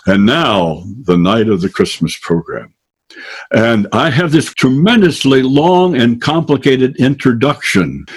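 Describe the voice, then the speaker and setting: Older male storyteller, folksy and animated, husky edge. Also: medium pitch, measured pace. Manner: folksy, animated, acting out quoted voices. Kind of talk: storytelling to an audience.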